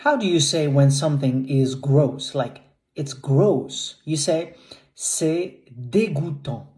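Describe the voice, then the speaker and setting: A woman teaching French vocabulary, saying each word slowly and carefully and repeating it. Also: low-pitched, expressive, mellow.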